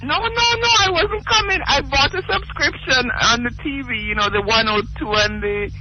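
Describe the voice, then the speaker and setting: High-pitched Jamaican woman caller. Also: normal speed, slight background noise. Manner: chatty, indignant, laughs easily. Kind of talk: call-in radio chat. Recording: dull lo-fi phone call on radio.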